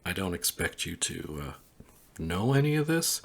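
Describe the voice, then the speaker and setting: A man hosting a synthesizer tutorial, calmly explaining each step while pressing buttons on the instrument. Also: low voice, normal speed, husky. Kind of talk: casual hands-on tutorial.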